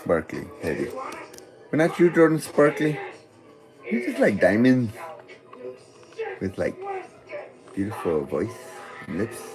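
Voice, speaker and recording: Slow, sing-song stoned man rambling. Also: fairly high pitch. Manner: goofy, meandering, talks to God. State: high on weed. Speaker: vlogger. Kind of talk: rambling stream-of-consciousness monologue.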